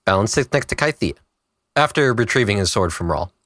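Lively man at a game table. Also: lowish voice, brisk, dry recording, studio quality. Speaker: player. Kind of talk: casual tabletop play.

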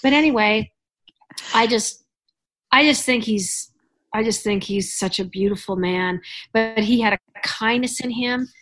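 A woman's voice: a little high, a little slow, fairly bright tone. A woman hosting a podcast, chatting casually and rambling with frequent restarts. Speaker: podcast host. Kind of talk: casual chat.

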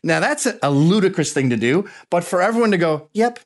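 Animated man telling stories. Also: high voice, fast. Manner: animated storyteller who slips into mocking voices. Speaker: interview guest. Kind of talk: casual interview storytelling.

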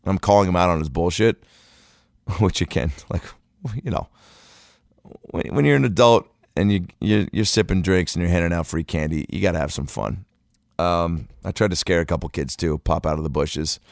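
Deep-voiced male comic, dry close sound, loose swearing storyteller. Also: normal speed, vocal fry, no room sound. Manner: loose, profane, rambling with fillers. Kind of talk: comedic storytelling monologue.

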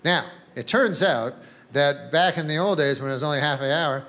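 Rambling high-voiced male stand-up comic. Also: moderate pace, sharp tone. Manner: rambling, offhand, profane, with chuckles. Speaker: stand-up comedian. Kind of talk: stand-up comedy routine.

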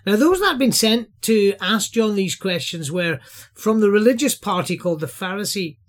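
High-voiced preacher. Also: male voice, animated, moderate pace. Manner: earnest, explanatory, emphatic. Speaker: podcast Bible teacher. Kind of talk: sermon-style Bible teaching.

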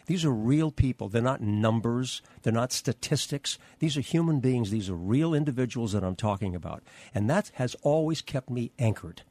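An older American man, a veteran news anchor, telling lively stories and acting out the dialogue in an interview. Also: mid-range voice, normal speed, few pauses, dry recording. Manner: animated anecdotes, acts out quoted dialogue. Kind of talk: storytelling interview answers.

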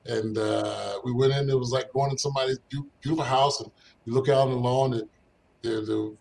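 A man's voice: medium pitch, fairly quick, a little hiss or hum, rough recording. An older man from Philadelphia, a former basketball player, telling stories from his youth as an interview guest, acting out the voices of the people in them. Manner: animated storyteller, acts out quoted voices, laughs often. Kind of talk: casual storytelling.

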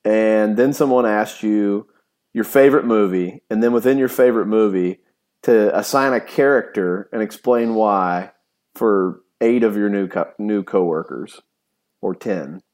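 A man co-hosting a sports podcast, talking in a rambling, animated way with many restarts and fillers. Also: on the low side, a little slow. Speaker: podcast co-host. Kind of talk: casual sports chat.

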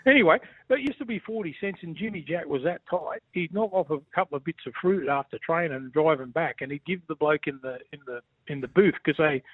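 An Australian man calls in as a guest, bantering boisterously and saying "mate" over and over. His fairly high, slightly rough voice comes through a tinny phone line with no room sound.

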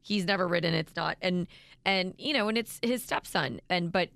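A woman in her thirties co-hosts a morning radio show, talking in a chatty, emotional way as she reads out listener texts. Her voice has a gravelly, fry-tinged texture. The studio sound is dry and close. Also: fairly low pitch, normal speed, a bit bright, no room sound. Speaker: radio co-host. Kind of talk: casual morning show chat. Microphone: studio microphone.

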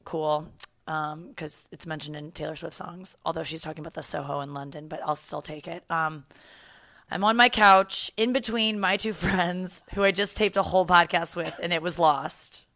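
A woman's voice: sits low, fairly even intonation, moderate pace, a bit bright, dry recording. A young woman hosting a podcast from her apartment couch, chatting casually, laughing and swearing freely. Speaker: podcast host.

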